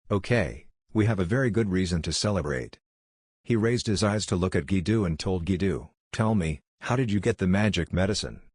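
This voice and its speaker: A man narrating a comic recap, reading character lines in the same flat storytelling voice. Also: low voice, husky, no echo, clean studio sound.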